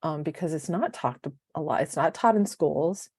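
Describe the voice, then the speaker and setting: A woman's voice: low-pitched, normal speed, husky, no echo, studio quality. A woman in her fifties co-hosting a casual podcast, telling stories with animation and acting out the dialogue. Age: 50s. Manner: animated storyteller who acts out quoted dialogue. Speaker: podcast co-host.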